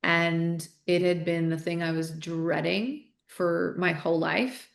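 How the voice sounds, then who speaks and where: A woman's voice: lowish voice, steady tone, slow pace, gravelly, echoey room. A woman speaking as a guest in a podcast interview, earnest and candid, often restarting her sentences as she thinks aloud. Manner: repeats words as she restarts thoughts. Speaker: podcast guest, author and coach. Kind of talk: interview conversation.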